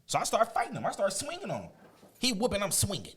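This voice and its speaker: A man, a guest on an interview show, telling a personal story in a casual, animated way, often laughing and acting out quotes. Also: high voice, quick pace, husky.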